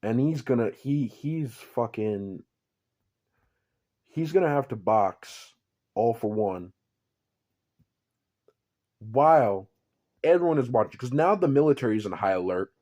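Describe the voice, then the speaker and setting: A man's voice: medium pitch, lively intonation, measured pace, long pauses, mellow. A man telling an improvised fan-fiction story in a rambling, profane, offhand way.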